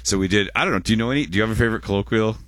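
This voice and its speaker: A man's voice: on the low side, racing, a bit bright, dry recording, studio quality. A man in his forties, hosting a radio show in casual, rambling chat and often correcting himself.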